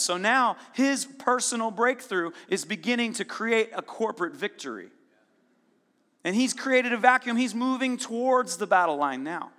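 A man preaching a sermon, retelling a story in a casual, lively way and voicing its characters with sudden bursts of intensity. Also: high voice. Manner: storytelling with casual asides and quick dramatic voicing. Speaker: pastor. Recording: long reverb of a large hall.

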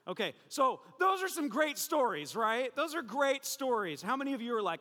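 Pastor, male, high bright voice, lively and joking, preaching in a large echoing church hall. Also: moderate pace. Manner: animated, joking storyteller. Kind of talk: sermon.

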